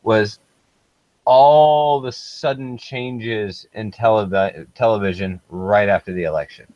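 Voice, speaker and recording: A man's voice: on the low side, slow pace, a little mellow, no echo, muffled recording. A man joining a casual chat as a guest over an online call, hesitant and often asking to hear things again. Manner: hesitant, restarts, asks to repeat.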